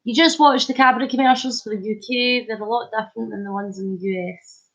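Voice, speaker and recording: A woman's voice: a little high, steady tone, quick pace, fairly bright tone. A woman vlogger chatting casually on a home live stream, answering comments, giggly and hyper. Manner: chatty and giggly, laughing often. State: hyper and wide awake. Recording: slightly muffled lo-fi stream audio.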